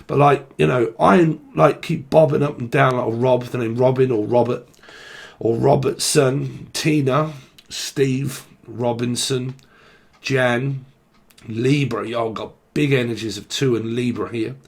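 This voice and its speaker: A young British man with a London-area accent delivers a casual tarot channelling monologue as a tarot reader, rambling, slangy, and swearing a lot. His mid-range voice is gravelly, with fairly even intonation and a slightly slow pace.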